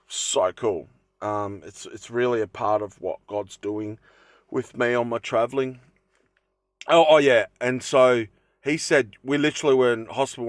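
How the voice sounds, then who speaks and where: A man's voice: medium pitch, no echo. A young man chatting casually to camera from his van, rambling with lots of fillers and restarts. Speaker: vlogger. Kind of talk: casual vlog talk to camera. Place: inside his camper van.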